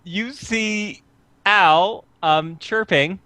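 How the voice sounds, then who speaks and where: A young man narrating as game master over a voice call, animated and often laughing. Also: sits high, extremely slow, no echo. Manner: animated, laughing, restarts a lot.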